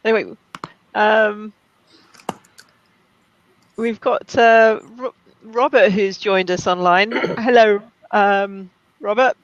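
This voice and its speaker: Man, high voice, webinar host, short interjections, dull lo-fi sound. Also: steady tone, takes it slowly, long pauses, a bit bright. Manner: brief, interjecting. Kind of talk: casual webinar chat.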